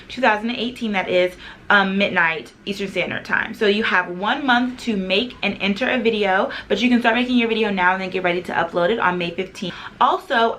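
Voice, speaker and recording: A young woman with a hoarse, husky voice, chatting upbeat and directly to her viewers as a beauty vlogger. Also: mid-range voice, fairly bright tone, a little hiss or hum. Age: young adult. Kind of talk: casual vlog talk to camera.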